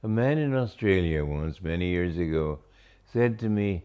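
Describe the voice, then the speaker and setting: An older man, a spiritual teacher, giving a reflective talk on scripture, slow and deliberate with many pauses between phrases. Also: low-pitched, lively intonation, mellow, clean tone, highs cut off.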